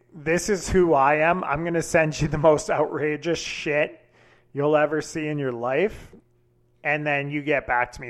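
A man hosting a solo podcast, telling a story in a casual, candid way with frequent fillers and swearing. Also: on the high side. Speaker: podcast host.

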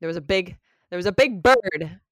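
A woman's voice: fairly low pitch, expressive, normal speed, no room sound. A woman co-hosting a podcast, giving quiz hints in casual chat, upbeat and encouraging, laughing easily. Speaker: podcast co-host.

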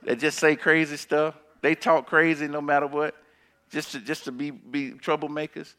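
A man preaching a sermon, his voice bright and slightly high for a man. He reads scripture slowly, then drops into casual, emphatic talk with repeated phrases, swinging from loud bursts to near whispers. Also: level tone. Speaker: pastor.

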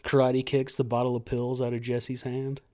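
A man's voice: medium pitch, monotone, moderate pace, mellow. A man co-hosting a podcast, talking casually and sardonically about a movie. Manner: sardonic, laughs easily. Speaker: podcast co-host. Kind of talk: casual chat reviewing a movie.

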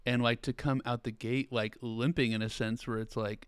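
Priest host dude, clear voice, dry close mic, lots of "like"s. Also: male voice, medium pitch, moderate pace, no room sound. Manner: animated, thinks aloud with many likes and fillers. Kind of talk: conversational interview.

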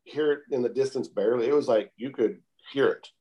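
A man calmly telling a long outdoor story in a casual interview, with many repeated "I said" tags. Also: mid-range voice, muffled recording. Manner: calm, unhurried, repeats "I said" often.

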